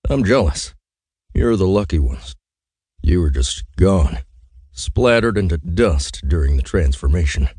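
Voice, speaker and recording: A man narrating an audiobook in a wry, conversational way. His voice sits very low and sounds dark and mellow. The recording is dry, with no room sound at all. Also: animated, unhurried, slightly rough, dry recording. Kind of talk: scripted narration.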